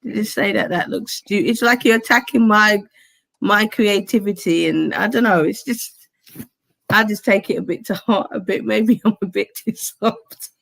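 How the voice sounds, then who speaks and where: A soft-spoken woman talks gently and thoughtfully in a casual call, her voice mid-pitched and even. She sounds reflective rather than forceful. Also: moderate pace, creaky. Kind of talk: casual video-call chat.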